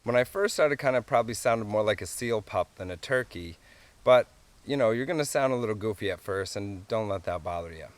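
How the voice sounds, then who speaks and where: Easygoing low-voiced man teaching. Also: lively intonation, a little fast. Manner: easygoing, chuckles often, plain folksy explanations. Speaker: wildlife calling instructor. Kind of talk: hands-on tutorial.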